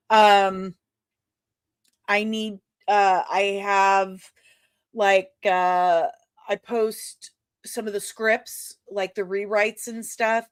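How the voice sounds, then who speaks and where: A woman's voice: mid-range voice, no echo, clean studio sound. A woman hosting a podcast in casual chat, rambling and self-deprecating with many fillers. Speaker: podcast host and comic creator.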